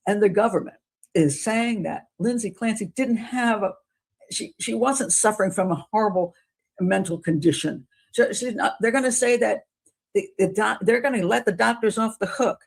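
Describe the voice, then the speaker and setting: A woman hosting a casual talk show, commenting on a trial in an animated way and acting out courtroom quotes. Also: medium pitch, moderate pace, creaky, slightly rough. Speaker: host.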